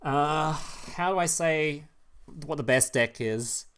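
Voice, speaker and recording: A man's voice: a little high, slow pace, fairly bright tone, smooth. A young man streaming live, chatting casually, tripping over his words, swearing and chuckling as he reacts to chat. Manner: loose and profane, trips over words, chuckles often.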